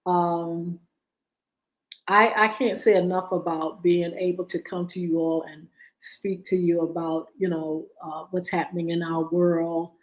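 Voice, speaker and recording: A woman's voice: lowish voice, flat delivery, measured pace, low-quality recording. Preachy woman radio show host. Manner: preachy and exhortative, with repetition. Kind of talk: talk radio monologue.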